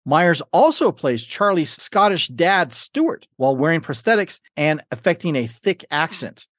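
A man's voice: a little high, big pitch swings, a little slow, a bit bright, no echo, studio quality. Playful man hosting a trivia podcast. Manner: playful, reads trivia with jokey asides. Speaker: podcast host and quizmaster.

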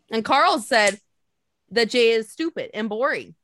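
Animated, swearing woman telling stories. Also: fairly high pitch, slow. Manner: animated storytelling, swears freely, acts out quotes. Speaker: podcast co-host. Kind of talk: casual chat.

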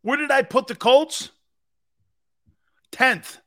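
A middle-aged man hosting a sports talk radio show, ranting sarcastically and bombastically with bursts of shouting. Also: very high voice, takes it slowly.

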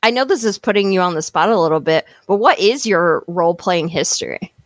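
A woman co-hosting a casual chat about a tabletop game, expressive and quick to laugh as she steers the talk. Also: lowish voice, no echo. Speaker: podcast co-host.

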